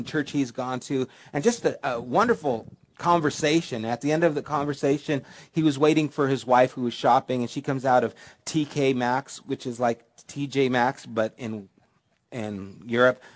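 A man preaching a sermon, dropping to a soft hush and then rising to emphatic, storytelling moments. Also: medium pitch. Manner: preacherly, swinging from hushed to emphatic. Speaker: pastor.

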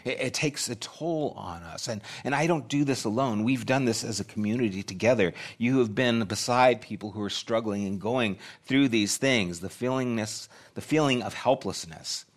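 A man's voice: medium pitch, normal speed, hardly any pauses. Earnest middle-aged male pastor preaching. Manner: earnest, conversational preaching with repeated phrases. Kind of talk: sermon.

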